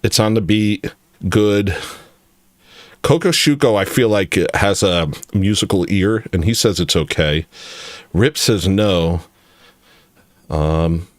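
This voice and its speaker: A man's voice: sits low, slow pace, long pauses, no room sound. A man hosting a casual comedy livestream, rambling and joking while reacting to chat. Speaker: livestream host.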